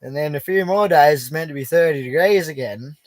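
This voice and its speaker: Fairly high-pitched and fairly quick, with a darkish tone on a dry recording, a young Australian man streams live from his bush camp. The prospector reads out viewers' comments in a relaxed, chatty manner, laughing easily.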